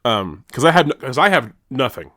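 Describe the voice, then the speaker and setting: This man co-hosts a podcast in loose conversation, laughing a lot and frequently starting sentences over. He has a mid-range, fairly bright voice with big pitch swings and a fairly quick pace, captured in a dry, clean studio recording.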